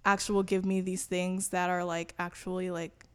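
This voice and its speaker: A woman's voice: lowish voice, level tone, normal speed, clear, resonant tone. Casting note: woman guest, candid and chatty, shares a personal faith story on a podcast. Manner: candid, laughing, frequent fillers. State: voice cutting out. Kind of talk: personal testimony interview.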